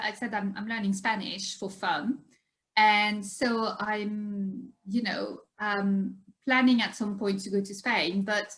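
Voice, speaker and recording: Brief: woman guest, chatty storyteller, mid-pitched, laughs easily. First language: French. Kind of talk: casual conversation.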